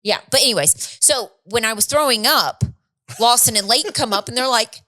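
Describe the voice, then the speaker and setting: A woman in her thirties, a podcast co-host, telling a story in a casual chat, animated and laughing, acting out quotes. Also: fairly high pitch, moderate pace.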